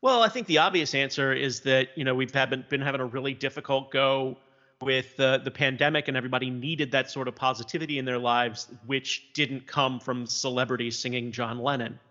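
A man from South Louisiana muses casually about television, circling his points with frequent fillers. His voice sounds bright and forward. The recording is dull and lo-fi, with a long reverb tail. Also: medium pitch, a little fast. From South Louisiana, USA. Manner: thoughtful, hesitant, many fillers.

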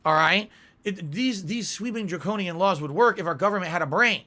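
Brief: male streamer, indignant lecturing rant, high voice. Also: fairly quick, sharp tone. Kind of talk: ranting podcast monologue.

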